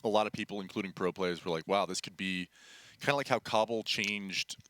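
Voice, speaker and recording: A man's voice: sits low, steady tone, brisk, sharp tone, no room sound. A man casting a live esports match, thoughtful and full of fillers, speaking into a headset. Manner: analytical, hesitant with many fillers. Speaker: esports commentator. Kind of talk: live game commentary. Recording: game gunfire noise behind.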